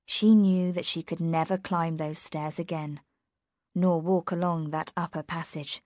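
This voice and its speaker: A woman narrates a story for English learners, taking her time and reading in a measured, careful way. The recording is close and dry, with no room sound. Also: fairly low pitch, a little mellow, no room sound.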